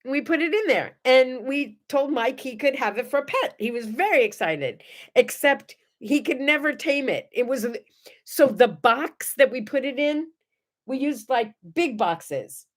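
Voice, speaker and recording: A woman's voice: high-pitched, unhurried. Chatty woman host telling stories. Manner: chatty, animated, talks to viewers. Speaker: morning show host. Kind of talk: casual chat and storytelling.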